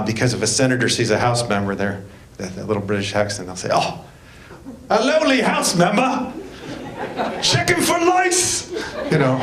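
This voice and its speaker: A man, a state representative giving a folksy, joking speech at a public meeting. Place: school board meeting room. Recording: echoey room, faint rumble.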